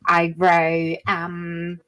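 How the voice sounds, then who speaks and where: A woman's voice: on the low side, monotone, drawn-out words, a bit bright, voice pushed down. A woman voicing a cheerful, chatty halfling farm woman who fusses and repeats herself. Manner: bubbly, fussy, repeats herself. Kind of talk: tabletop role-play voice.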